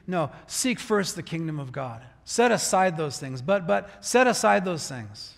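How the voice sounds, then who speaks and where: A man's voice: a little high, big pitch swings, unhurried, creaky, few pauses. A man preaching a conversational sermon as pastor, often stopping to restart a phrase and acting out heartfelt prayers. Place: church sanctuary. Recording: long church hall reverb.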